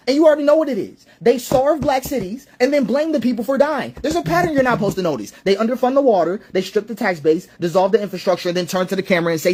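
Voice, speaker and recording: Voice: medium pitch, lively intonation, fast, few pauses, a little mellow, breathy edge. A social commentator delivering an impassioned monologue, repeating phrases for emphasis, asking rhetorical questions and running through lists of points.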